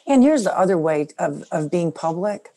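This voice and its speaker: A middle-aged woman with a low, deep-set voice tells a personal story in an interview. She is earnest and soft-spoken, and her voice drops quietly at the serious parts. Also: expressive, moderate pace, vocal fry. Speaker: guest.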